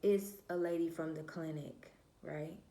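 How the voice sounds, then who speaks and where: Woman vlogger, candid storytime, blunt and emphatic, fairly low voice, echoey room. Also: fairly even intonation, unhurried, vocal fry, warm tone. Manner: candid and blunt, swears freely, addresses viewers as y'all; emphatic, repeats herself and trails off with "da, da, da". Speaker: vlogger telling a personal story. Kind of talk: casual storytime monologue.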